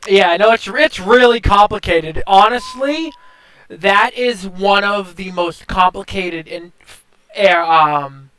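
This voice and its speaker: A young man hosting a live stream in a laid-back, chatty way. His voice is bright and forward, very clean and resonant, and sits a little high for a man. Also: takes it slowly, clear, resonant tone, low-quality recording. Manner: laid-back, short agreeing replies. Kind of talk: casual live-stream chat.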